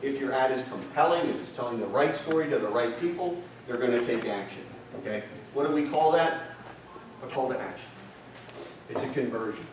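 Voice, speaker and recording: A man's voice: medium pitch, lively intonation, brisk, background noise. A man presenting a marketing seminar in a hotel conference room, firing rhetorical questions at the audience. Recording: echoey hall, distant mic, audience present.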